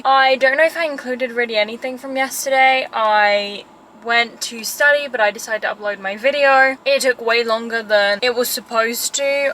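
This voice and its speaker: A student vlogger in her twenties from England, with a blended British and French accent, narrates casually and upbeat from the car and while out and about. Her voice is high and sharp, with a bit of background noise.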